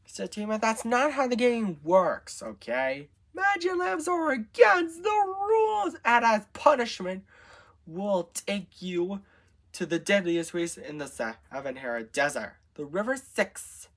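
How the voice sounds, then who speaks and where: A man voicing a bossy girl, scolding, high-pitched, strict. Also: very animated, takes it slowly, fairly bright tone, full character voice.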